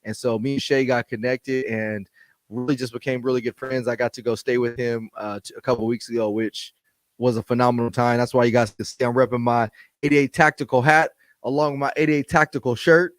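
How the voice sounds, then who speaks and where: A man's voice: medium pitch, fairly even intonation, a little fast, dry recording. A man hosting a podcast in casual chat, laid-back and laughing often, with restarts and repeated words. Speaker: podcast host.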